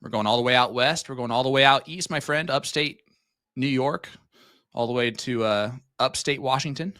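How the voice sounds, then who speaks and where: A friendly male darts commentator at a medium pitch, with a bright, forceful tone. He calls the play and greets viewers by name and place. The sound is dry, with no room around it. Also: moderate pace, clean tone, no room sound. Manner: friendly, reads out viewer shout-outs between play calls. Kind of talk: live sports commentary.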